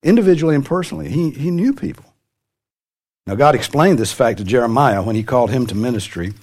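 Animated man preaching a sermon. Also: fast talker. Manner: animated, with sudden rises in pitch for emphasis; light humor with asides to the congregation. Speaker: pastor.

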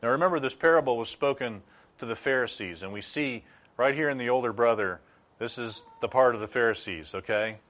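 A man's voice: mid-range voice, a little fast, a bit bright. A middle-aged man preaching a sermon as pastor, teaching through rhetorical questions.

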